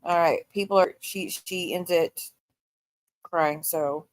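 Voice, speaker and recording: A woman's voice: lowish voice, fairly even intonation, slow pace. A woman co-host speaking bluntly and earnestly in casual stream chat.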